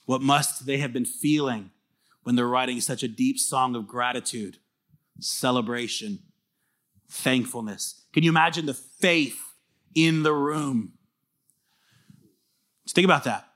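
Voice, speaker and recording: A pastor preaching a sermon in a lively, conversational way, often asking the listeners questions. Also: male voice, medium pitch, measured pace, long pauses. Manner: casual fillers and restarts.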